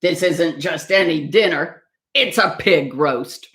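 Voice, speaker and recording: A woman's voice: low-pitched, slow, a bit bright, echoey room. Woman doing a growly sly fox. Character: hungry sly male fox, gruff and scheming.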